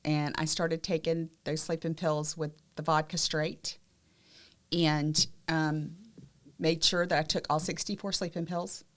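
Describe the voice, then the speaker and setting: Low-voiced Southern woman telling her story. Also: level tone, unhurried. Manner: candid, emotional, drops to quiet tones. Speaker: podcast co-host sharing her survival story. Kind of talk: personal testimony in conversation.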